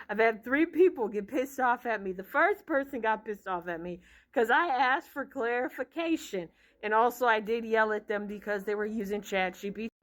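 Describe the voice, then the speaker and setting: A woman in her thirties telling a story as a casual vlog rant, blunt and profane, sounding exasperated. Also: mid-range voice. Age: 30s. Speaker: vlogger.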